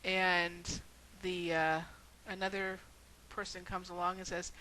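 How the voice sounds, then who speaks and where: A woman's voice: on the low side, flat delivery, takes it slowly, few pauses, pushed and bright, poor audio. A woman video blogger telling a story and then making an earnest, rhetorical argument.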